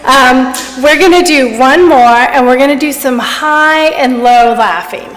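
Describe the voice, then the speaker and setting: High-voiced woman leading a church crowd in silly laughing, unhurried, big echoey hall with people and music around. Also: a bit bright. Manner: playful and encouraging. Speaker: worship leader. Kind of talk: leading a group laughter exercise. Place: church sanctuary.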